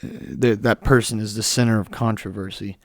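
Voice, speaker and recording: A young man with a hoarse voice from a cold, ranting bluntly in a solo podcast monologue. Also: on the low side, fairly even intonation, brisk, no echo, clean studio sound. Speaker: podcast host.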